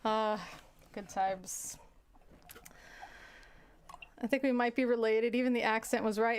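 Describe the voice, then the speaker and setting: A woman's voice: a little high, steady tone, measured pace, pauses often, clean tone. A woman who teaches, chatting casually and telling rambling, self-interrupting stories with frequent laughs. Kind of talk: casual storytelling chat.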